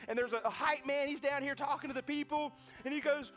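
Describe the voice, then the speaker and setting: A man preaching with a notably high, ringing voice, piling on repeated words and quick restarts as he tells his stories. He slips into other people's voices as he goes. Soft guitar plays faintly behind him. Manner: animated, repetitive restarts, acts out quoted voices. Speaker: pastor. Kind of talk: sermon with storytelling. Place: church sanctuary.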